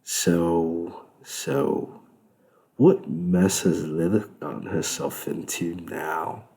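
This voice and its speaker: A sardonic male devil with a British accent holds court in his club, amused and lecturing, voiced by a man. The voice sits very low and gravelly. Its tone is dark and mellow. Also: drawn-out words, full character voice.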